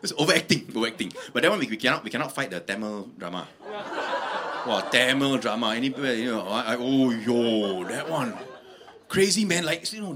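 A man doing stand-up comedy, animated and laughing through his bits. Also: medium pitch, slight background noise.

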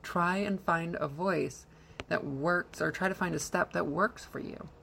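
A woman's voice: fairly low pitch, unhurried, gravelly, fairly bright tone, a little hiss or hum. A woman voice coach giving instructional advice in an encouraging, conversational way, often posing questions to the listener. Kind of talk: instructional talk to camera.

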